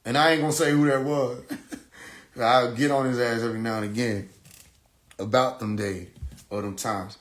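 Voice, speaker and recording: A man tells a story on a phone live stream, animated and full of swearing. He laughs often and breaks into siren sounds. The room around him is echoey. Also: medium pitch, moderate pace, long pauses. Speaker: livestream host.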